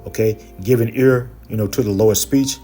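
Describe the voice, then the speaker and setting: Low mellow-voiced man preaching. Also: soft background music. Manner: peppers talk with "okay" and "you know"; reads verses slowly and louder. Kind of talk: scripture teaching.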